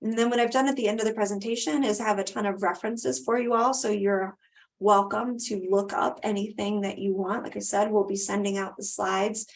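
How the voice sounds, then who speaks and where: A woman's voice: mid-range voice, fairly even intonation, a little fast. A woman presenting a live webinar over a video call, answering questions and wrapping up in a conversational way with frequent ums.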